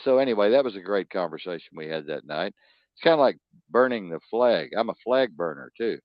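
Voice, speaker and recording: A man's voice: deep voice, animated, a little fast, no room sound. A man hosting a talk show, ranting bluntly and profanely in a rambling, emphatic way. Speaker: podcast host. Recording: dull lo-fi dry sound.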